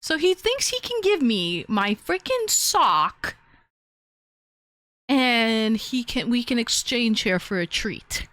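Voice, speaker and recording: Woman streamer, casual chat, slow and drawn out, coos at her dogs in a high voice. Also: very animated, fairly bright tone, dry recording. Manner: talks to her chat, with profanity.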